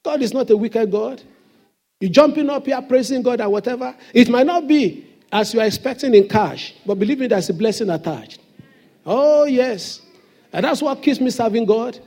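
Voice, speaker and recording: A man's voice: very high voice, lively intonation, moderate pace, warm tone. A man preaching a sermon as pastor in a church, with emphatic call-and-response questions to the congregation.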